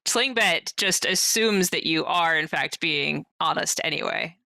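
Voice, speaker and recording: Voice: medium pitch, a little slow, creaky, bright, forceful tone, no echo. A player in a tabletop role-playing game, speaking in an earnest, cheerful way. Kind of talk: casual tabletop play.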